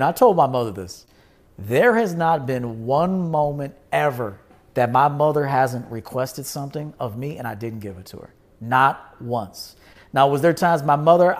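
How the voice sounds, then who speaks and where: A man with a slightly high voice talks straight at his listeners as the host of his own show. He is blunt and emphatic, swears freely and hammers points home by repeating them. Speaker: podcast host. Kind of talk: casual livestream monologue.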